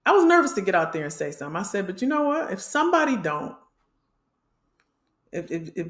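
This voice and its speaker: A woman's voice: medium pitch, very animated, fairly quick, long pauses, roomy sound. Middle-aged career coach lady from illinois, preachy and fired up, keeps saying y'all to her livestream crowd. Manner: passionate, preachy, addresses the audience as y'all. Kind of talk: livestream talk to viewers.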